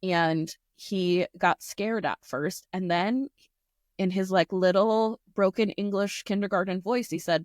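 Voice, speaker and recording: A woman's voice: mid-range voice, a little slow, no echo, studio quality. A woman who teaches, chatting casually and telling a classroom story with lots of fillers. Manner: animated storyteller, many "like" fillers. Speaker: podcast co-host, teacher.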